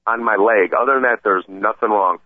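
A man telling a story in a casual chat, excited and rambling, often stammering and restarting. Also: on the low side, brisk, dry recording. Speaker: podcast regular telling a story. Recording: tinny phone-like sound.

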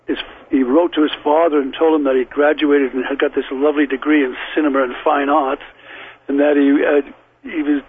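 An older man with a Liverpool accent, a guest recalling old memories at length in a rambling, anecdotal way. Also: mid-range voice. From England. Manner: rambling and anecdotal, with frequent restarts. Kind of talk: telling memories in an interview. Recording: tinny phone line with faint hiss.

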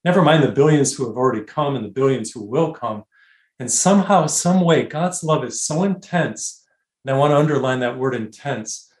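Man, interview guest, earnest, emphatic, slows down on key words, middle pitch, echoey room. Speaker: guest author. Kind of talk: conversational interview, spiritual testimony.

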